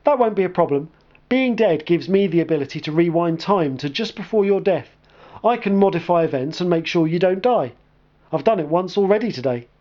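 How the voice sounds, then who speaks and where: An earnest, insistent male ghost, put on by a man narrating a story, pitched noticeably higher than the narrator's plain voice. He speaks firmly and urgently, the sound muffled and lo-fi. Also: lively intonation, a little fast. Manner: earnest and firm.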